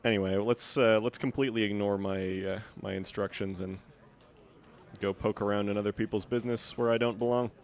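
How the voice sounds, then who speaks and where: A man's voice: lowish voice, steady tone, brisk. Sarcastic man streaming a game. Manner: sarcastic, joking. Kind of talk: casual gameplay commentary.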